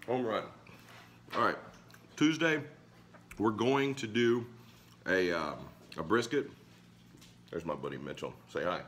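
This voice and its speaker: Hoarse, deep-voiced man grilling. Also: a bit bright, a little hiss or hum. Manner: enthusiastic, chatty, talks to viewers. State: hoarse from a cold. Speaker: cooking vlogger. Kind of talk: casual cooking vlog. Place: backyard grill and home kitchen.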